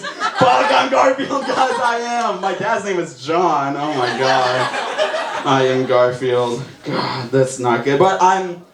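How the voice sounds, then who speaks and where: A young adult man of medium pitch does a self-mocking stand-up set on a comedy club stage, excitable and quick to laugh at himself. The live room is echoey, with audience laughter and noise behind him.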